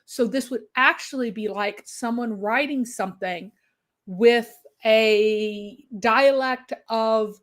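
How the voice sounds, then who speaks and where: A woman co-hosting a live discussion, explaining points emphatically with quick asides. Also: a little high. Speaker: co-host.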